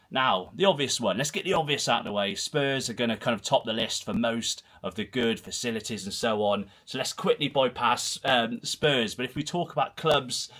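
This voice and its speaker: A man's voice: mid-range voice, fairly bright tone. A man in his thirties with a Herefordshire and Gloucestershire accent, hosting a casual football livestream from a small home room, rambling and self-deprecating as he reads comments. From Herefordshire, England. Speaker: host of a football channel livestream. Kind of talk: casual solo livestream chat, reading comments.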